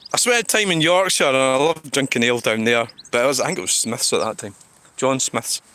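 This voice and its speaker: Walking along a town street with traffic noise behind him, a Scottish man livestreams, rambling, swearing, and answering comments from chat. His mid-range voice sounds pushed and bright.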